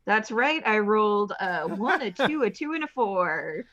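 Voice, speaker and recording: Playful slow-talking woman gamer. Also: mid-range voice, expressive, fairly bright tone, dull audio. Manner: playful, giggly. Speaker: player. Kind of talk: casual tabletop game chat.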